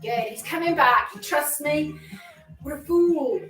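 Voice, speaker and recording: A woman's voice: sits high, slow, pushed and bright, roomy sound, far from the mic, soft background music, rough recording. A woman exercise instructor leading a workout class, upbeat and encouraging, a bit out of breath as she moves along with it. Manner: upbeat, encouraging, chatty with self-deprecating jokes.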